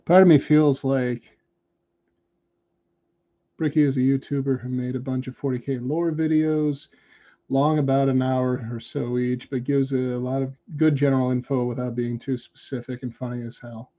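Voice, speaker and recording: A man's voice: mid-range voice, flat delivery, normal speed, highs cut off. An American man chatting casually and self-deprecatingly while painting miniatures on a livestream.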